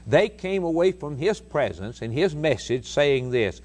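A male preacher delivering a sermon. He speaks emphatically and drives each point home by repeating phrases. His pitch swings widely up and down. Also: lively intonation, normal speed, hardly any pauses, darkish tone.

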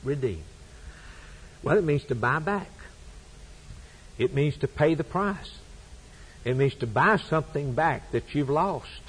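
A man's voice: a little high, animated, a little slow, pauses often, slightly rough, poor audio. A man preaching a sermon, with an emphatic, repetitive preaching cadence.

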